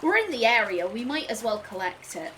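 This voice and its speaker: A woman's voice: fairly high pitch, big pitch swings, a little fast, a bit bright, slight background noise. A woman giving casual, chatty gameplay commentary as a let's play host, politely apologizing to game characters.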